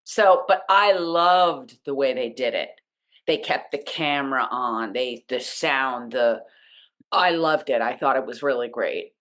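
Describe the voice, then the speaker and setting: A woman co-hosting a TV recap podcast, chatting casually and agreeing with quick interjections. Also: extremely low pitch, fairly bright tone. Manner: agreeable, chiming in with short responses. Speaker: podcast co-host.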